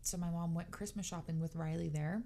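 Young woman chatting on a podcast, lively, acts out quotes as she tells stories. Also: lowish voice, brisk. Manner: animated storyteller, acts out quotes. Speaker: podcast co-host. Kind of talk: casual chat.

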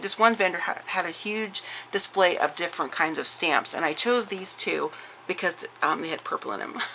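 A woman's voice: on the low side, vocal fry. A woman with a scratchy voice, chatting casually to the camera as she shows off a craft haul at home, rambling with lots of fillers and restarts. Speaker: craft vlogger showing a haul.

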